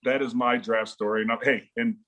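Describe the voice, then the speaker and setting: A man's voice: medium pitch, steady tone, fairly quick, fairly bright tone. A man in his forties, a former football player as interview guest, telling stories animatedly, acting out quotes and laughing often. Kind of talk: casual storytelling interview.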